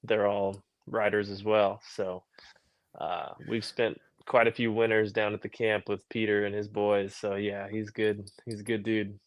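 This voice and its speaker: A young man chatting as a podcast guest in a relaxed, thoughtful way that trails off. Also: lowish voice, a little slow, dry recording. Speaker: podcast guest, motorcycle racer. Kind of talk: casual chat.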